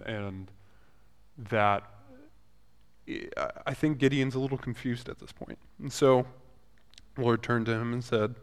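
Man teaching a Bible story in a reverberant hall. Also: mid-range voice. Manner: conversational, retells scripture in paraphrase with halting restarts. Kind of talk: casual Bible lesson.

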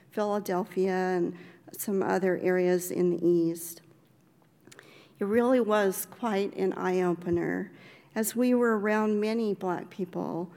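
Older woman, unhurried personal storytelling, gentle and reflective, mid-pitched voice, reverberant room. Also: gravelly. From Oregon, USA. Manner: slow, gentle, reflective, laughs lightly.

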